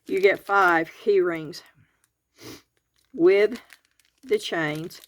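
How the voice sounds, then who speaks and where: Southern woman, low-ish voice, unhurried folksy crafting host, garage setting. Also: no room sound. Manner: chatty, homespun, counts items aloud. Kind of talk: real-time product review and tutorial. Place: home garage.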